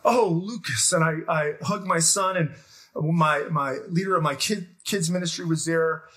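A middle-aged pastor preaching a sermon, telling a story with energy and putting questions to the congregation. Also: male voice, on the high side, moderate pace. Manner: animated storytelling, shouts when acting out scenes, asks the crowd questions. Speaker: guest pastor.

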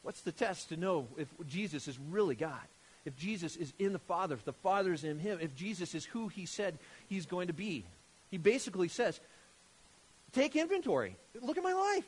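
A man preaching a sermon from scripture, animated and emphatic, firing rhetorical questions at his listeners. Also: sits high, a little fast, slight background noise.

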